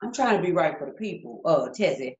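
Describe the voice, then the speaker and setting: Lively woman co-host on dull lo-fi audio. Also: sits low, brisk. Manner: animated storyteller, acts out quotes. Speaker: podcast co-host. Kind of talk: casual chat. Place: home studio setup. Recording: dull lo-fi sound.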